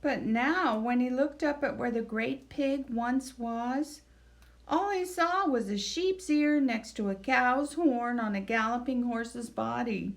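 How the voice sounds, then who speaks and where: Woman librarian, preschool storytime reader; slightly high voice, unhurried pace. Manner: gentle, expressive storytelling. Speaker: children's librarian. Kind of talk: reading a picture book aloud.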